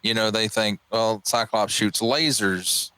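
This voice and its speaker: A man's voice: on the low side, steady tone, a little slow, a crowd in the background. A man appearing as a guest on a casual livestream podcast, joking and chiming in.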